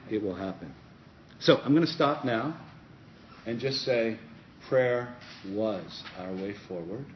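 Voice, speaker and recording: A middle-aged man tells a story to a conference session, slipping into the voices of the people in it. His voice sits a little low, and the recording is dull and lo-fi with a faint hiss. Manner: animated storyteller acting out dialogue. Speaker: pastor and conference speaker. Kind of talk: conference breakout talk, storytelling. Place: conference room.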